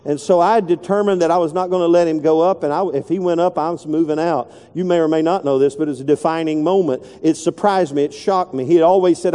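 A middle-aged man, telling a folksy story in a sermon and dropping his voice low when he quotes people. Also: fast, hardly any pauses, mellow. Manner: folksy, repetitive, drops voice low when quoting. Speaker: pastor. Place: large church sanctuary. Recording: long echo of a big hall.

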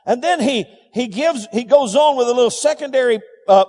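A man's voice: very high-pitched, brisk, a little mellow. A man preaching a sermon, calling the congregation to repeat phrases and crying out scripture. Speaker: pastor. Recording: long hall reverb.

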